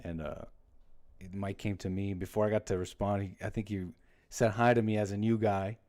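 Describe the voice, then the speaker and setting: A man's voice: lowish voice, little pitch movement, normal speed, a little mellow. A man hosting a livestream, chatting casually and rambling, often breaking off his own stories with jokes. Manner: rambling, self-interrupting, jokey. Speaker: livestream host.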